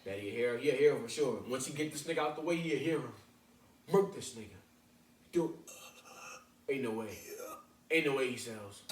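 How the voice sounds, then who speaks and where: Sex: man. Style: loud live reaction commentary, roomy and distant. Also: mid-range voice, moderate pace, pauses often, heavy background noise. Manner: loud excited outbursts, heavy profane slang. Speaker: reaction video host. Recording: roomy, distant mic, show audio behind. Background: episode audio and music playing.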